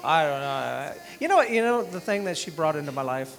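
A middle-aged male minister speaks at a dinner gathering in a fairly high voice, rambling and conversational and often restarting his sentences. He gets emotional as he moves between an informal sermon and a prayer. Soft music plays faintly behind him. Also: animated, a little fast, gravelly. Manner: emotional, tearing up. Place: dinner event room.

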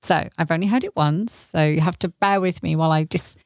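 A woman co-hosting a casual podcast, telling a joke with playful teasing and plenty of laughter. Her voice has a gravelly, creaky edge. It is recorded dry and close, with no room sound. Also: sits low, brisk, no room sound. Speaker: podcast co-host.

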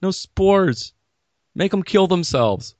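A man voicing a dim-witted, sleepy tree that forgot about its deadly spores, in a slow, dopey way. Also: high-pitched, animated, no echo, dull audio, voice pushed up.

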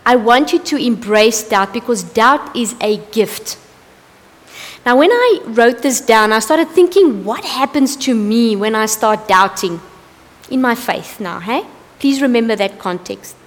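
A woman gives a conversational sermon, candid and full of asides, with a voice pitched a little high. Her words ring out with the long tail of a large hall. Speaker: preacher. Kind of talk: evening sermon.

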